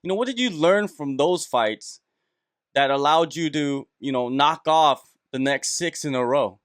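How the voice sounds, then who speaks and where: Smooth-voiced male interviewer. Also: on the high side, measured pace, fairly bright tone, no room sound, studio quality. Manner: friendly, leans on "you know". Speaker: interviewer, host. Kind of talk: interview questions.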